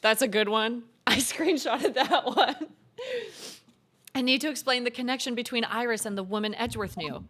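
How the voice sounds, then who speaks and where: A woman's voice: mid-range voice, a bit bright. A young woman casually chatting while playing a game, laughing often and swearing freely over game music. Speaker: gaming streamer. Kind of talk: casual let's-play chat.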